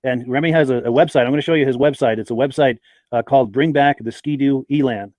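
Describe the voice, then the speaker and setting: A man's voice: medium pitch, quick pace, a little mellow, no room sound. A man hosting a live podcast, chatting and reading out viewers' names and hometowns. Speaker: podcast host. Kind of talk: live-stream podcast chat.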